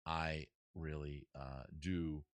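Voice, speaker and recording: A man's voice: rumbling low, steady tone, takes it slowly, smooth, no echo, studio quality. A man from Maryland hosting a comedy advice live stream from his backyard, rambling in a wry, self-deprecating way. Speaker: comedy advice show host. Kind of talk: casual live-stream chat. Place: backyard outdoors next to a heater.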